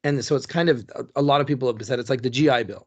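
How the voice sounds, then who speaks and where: A man's voice: medium pitch, rapid-fire. A man co-hosting a casual history podcast, rambling with restarts and jokey asides. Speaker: podcast co-host.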